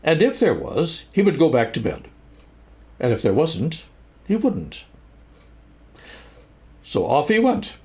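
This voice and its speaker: An older man reading a children's book aloud as a storyteller, in an expressive, sing-song storytelling manner. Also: fairly high pitch, slow, long pauses.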